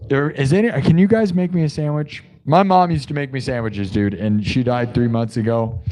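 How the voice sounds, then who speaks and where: A man hosting a live music stream, joking and rambling casually, now and then breaking into loud shouts. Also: medium pitch, normal speed.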